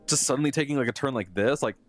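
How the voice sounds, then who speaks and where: A man's voice: medium pitch, very fast, faint music behind. A young adult man, a live streamer, telling a story casually and with animation, laughing often and using lots of fillers.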